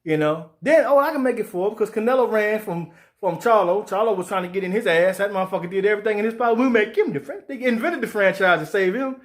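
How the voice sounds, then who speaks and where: A fired-up man rants about boxing, swearing freely. His voice sits high for a man. He keeps slipping into mocking put-on voices for the people he quotes. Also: quick pace, few pauses. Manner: profane, animated, acts out quoted voices. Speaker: sports show host. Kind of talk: heated boxing commentary rant.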